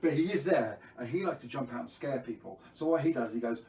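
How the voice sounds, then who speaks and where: A man's voice: on the high side, fast talker, a little mellow, roomy sound, far from the mic, rough recording. A man telling a children's story on a live stream, playful and jokey, who keeps quizzing his viewers.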